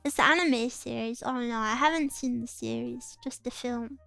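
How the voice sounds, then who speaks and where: A woman's voice: on the high side, moderate pace, gravelly, fairly bright tone, no echo, faint music behind. A woman chatting casually on a livestream, answering viewer comments in a playful, giggly way with cutesy exclamations. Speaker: streamer.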